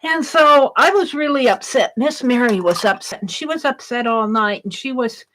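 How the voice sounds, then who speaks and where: A woman's voice: on the high side, moderate pace, fairly bright tone, a little hiss or hum, rough recording. A woman hosting an art livestream, chatting casually with her viewers and telling a story while she crafts, in a rambling, giggly way.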